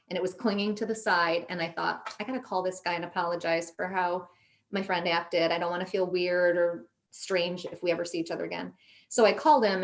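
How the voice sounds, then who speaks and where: A middle-aged woman telling a personal story in a casual chat, animated and quoting herself and others as she goes. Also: lowish voice. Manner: animated, quotes herself in lively voices. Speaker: podcast guest.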